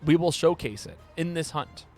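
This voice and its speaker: A man live-streaming a game, talking casually and playfully, often stumbling and repeating words when excited. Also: on the high side, normal speed, soft background music.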